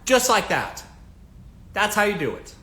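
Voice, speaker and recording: Guy on a livestream giving blunt joking advice, a bit high pitched, keeps saying folks. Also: huge pitch swings, measured pace, bright, forceful tone. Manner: blunt, joking, calls his audience "folks". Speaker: livestream host answering viewer questions. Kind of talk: casual livestream advice chat.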